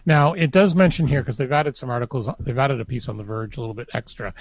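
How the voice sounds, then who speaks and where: A man's voice: mid-range voice, fast talker, few pauses, dry recording. Hesitant man co-hosting a podcast. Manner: hesitant, many restarts and "you know". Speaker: podcast co-host. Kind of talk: casual chat.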